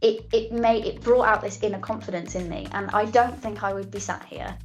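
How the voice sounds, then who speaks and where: A woman's voice: medium pitch, steady tone, fairly quick, soft background music. A young woman, a drama student, chatting as a guest in a casual interview, upbeat and giggly. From Coventry, England. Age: young adult. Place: online call.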